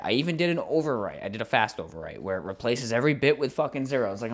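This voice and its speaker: Exasperated man telling a tech saga. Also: mid-range voice. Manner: animated, exasperated storytelling with frequent swearing. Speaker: podcast co-host. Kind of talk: casual storytelling chat.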